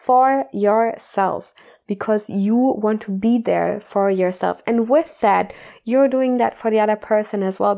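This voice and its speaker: A woman's voice: medium pitch, vocal fry, dark tone. A woman life coach giving earnest, heartfelt motivational podcast talk, full of "like" and casual swearing.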